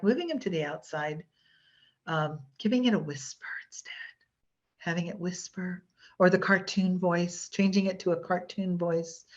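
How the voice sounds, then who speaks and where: A woman with a fairly low voice teaches a hypnosis workshop in a loose, chatty way. She rambles and restarts often, filling gaps with ums. The sound is dull and lo-fi, like audio from an online call.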